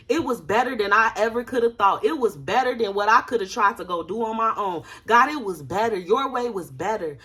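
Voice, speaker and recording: A woman's voice: on the high side, sharp tone, husky. A woman preaching a fervent prophetic word, repeating phrases and crying out "ooh" and "my God".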